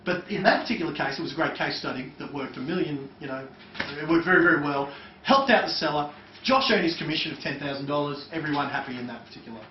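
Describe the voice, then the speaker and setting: A man's voice: a little high, expressive, fast, a little hiss or hum. A man running a live seminar for an audience, teaching in a loose, chatty way with lots of fillers, recorded from a distant mic. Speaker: seminar trainer. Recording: echoey, distant, dull lo-fi room recording.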